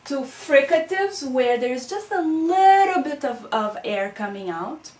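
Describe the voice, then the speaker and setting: A woman's voice: high-pitched, animated, unhurried, a little mellow. A woman teaching a recorded phonetics lesson, explaining patiently and checking in with "okay?" and "right?".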